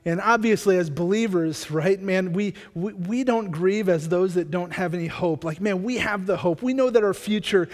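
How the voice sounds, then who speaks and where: A male pastor preaching a sermon in a church, energetic and conversational, often restarting his words. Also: sits high, moderate pace, hardly any pauses. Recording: long church hall reverb.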